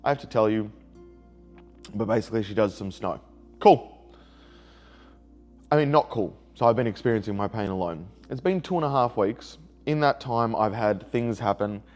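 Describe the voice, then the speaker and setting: A man's voice: lowish voice, fairly quick, soft background music. An upset man, telling a rambling personal story in a video diary and repeating himself when hurt. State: emotionally upset. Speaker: vlogger.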